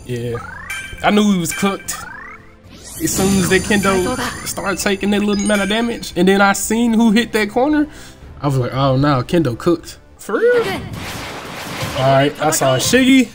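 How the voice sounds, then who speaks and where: Brief: male gaming host, hyped and slangy, swings his pitch all over, loud game music under him. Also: moderate pace, long pauses. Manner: excitable, trash-talking, slangy. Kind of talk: live gameplay commentary.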